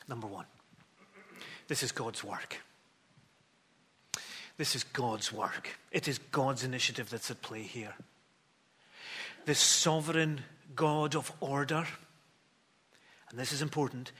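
A man preaching a sermon, telling a story with acted-out dialogue and moving between hushed and emphatic delivery. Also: medium pitch, breathy edge.

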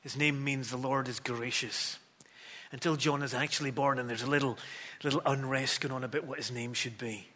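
A man preaching a sermon, telling a story with acted-out dialogue and moving between hushed and emphatic delivery. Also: mid-range voice, fairly even intonation, fairly quick.

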